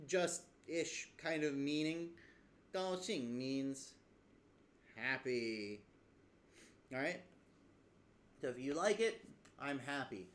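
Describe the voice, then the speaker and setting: Slow halting man explaining phrases. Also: medium pitch. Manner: slow, halting, thinks aloud with fillers and restarts. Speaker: language learner explaining lessons. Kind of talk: casual video lesson.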